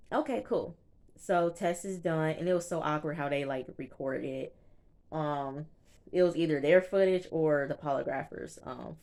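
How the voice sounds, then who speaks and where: Low-voiced woman recapping a TV show. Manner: chatty, animated retelling with quoted reactions. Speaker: TV show reviewer. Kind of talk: casual recap commentary.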